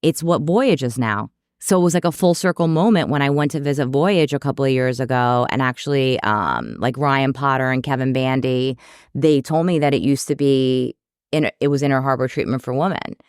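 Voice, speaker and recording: A woman's voice: very deep voice, lively intonation, normal speed, darkish tone, clear, resonant tone, no echo, clean studio sound. A woman guest on a podcast, a psychotherapist who tells her story with humor and acts out the people she quotes. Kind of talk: casual storytelling interview.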